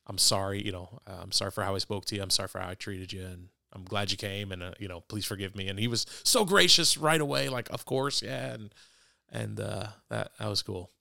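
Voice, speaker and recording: A man's voice: on the low side, fairly quick, creaky, pushed and bright, dry recording, studio quality. A man in a casual faith conversation, telling a story earnestly and stammering over frequent restarts.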